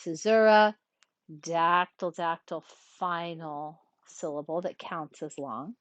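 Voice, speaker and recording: A woman teaching a lesson, explaining step by step in a clear, methodical way and reading verse lines slowly. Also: on the low side, no echo. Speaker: Latin teacher. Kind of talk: recorded lecture.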